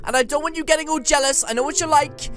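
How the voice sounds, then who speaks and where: A woman giving excited gameplay commentary as a gaming YouTuber, with playful mock trash talk. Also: sits high, fast, soft background music.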